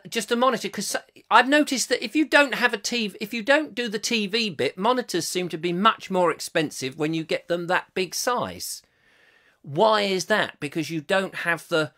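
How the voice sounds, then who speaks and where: A middle-aged man who hosts a live online chat show. He talks in a lively, bouncing way, his pitch sitting a little high and leaping around as he jokes and reads out viewer comments. He keeps jumping between loud asides and quieter muttering. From England.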